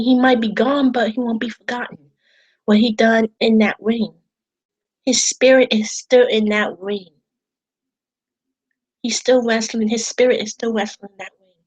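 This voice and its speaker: A woman's voice: on the high side, husky, highs cut off. A woman talking casually to camera about wrestling, rambling and repeating herself, emotional and swearing at times. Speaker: wrestling vlogger. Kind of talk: casual vlog talk.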